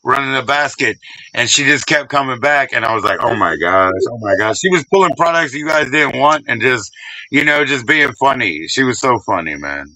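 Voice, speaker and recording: A man's voice: medium pitch, expressive, a little fast, pushed and bright, no room sound, low-quality recording. A man co-hosting a casual streamed chat, laid-back, swearing freely and saying "you know" a lot. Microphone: streaming mic.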